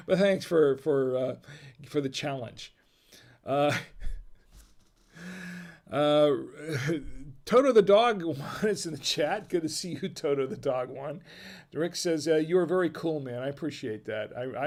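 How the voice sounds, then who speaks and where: A man's voice: on the high side, a little mellow. A man hosting a casual livestream while drinking wine, tipsy, rambling as he reads the chat aloud and chuckling often. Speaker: livestream host. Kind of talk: casual live-stream chat.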